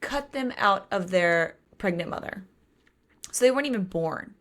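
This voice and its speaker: A woman's voice: medium pitch, expressive, moderate pace, a bit bright. A woman co-hosting a podcast, casually recapping a novel's plot in a chatty way. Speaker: podcast co-host. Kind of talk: casual book discussion.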